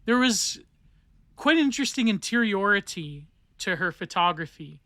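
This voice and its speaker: In a dry recording, a podcast host with a high, sharp, sing-song voice talks at normal speed. Alone at the mic, he wanders through art theory, digressing, correcting himself and restarting, with plenty of fillers.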